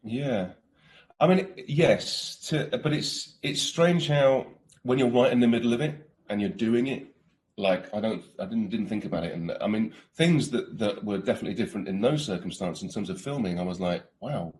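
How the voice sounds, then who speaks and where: Low-voiced British man, chatty. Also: normal speed, darkish tone. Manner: chatty, laughs often, many restarts. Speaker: actor, interview guest. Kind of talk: casual interview chat.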